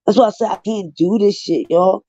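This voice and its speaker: A man's voice: sits high, fairly quick, mellow, dry recording. A man giving heated, profane live commentary, ranting in an exasperated way on a livestream. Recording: dull lo-fi dry livestream audio.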